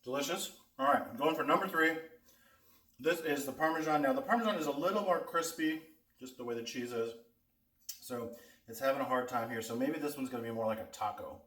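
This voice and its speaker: A man's voice: medium pitch, brisk, a bit bright. A man hosting a casual food taste-test vlog, chatting to viewers and talking with his mouth full as he eats. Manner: chatty, talks with mouth full while eating. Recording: echoey room, mic at a distance.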